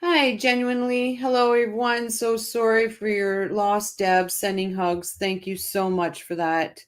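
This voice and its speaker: A woman's voice: medium pitch, little pitch movement, measured pace. A chatty middle-aged woman hosts a casual livestream. She reads out viewer comments and talks them over, often stopping and restarting her sentences. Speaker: livestream host.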